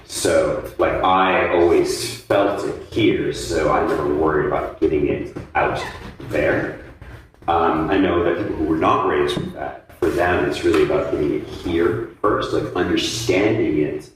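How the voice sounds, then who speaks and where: A man's voice: a bass voice, unhurried. A man being interviewed about blues dancing, talking in a thoughtful, casual way with many fillers. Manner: thoughtful, many ums and you-knows, animated when joking. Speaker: interviewee, blues dance teacher. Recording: echoey room, mic set at a distance, faint noise.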